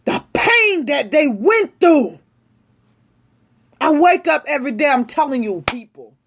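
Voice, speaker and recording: A woman pours out an angry, impassioned rant directly to her viewers. Her voice sits high and swings widely in pitch, though she takes her time and leans hard on each phrase. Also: sing-song, unhurried, gravelly. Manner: angry, forceful, addresses the audience directly. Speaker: vlogger.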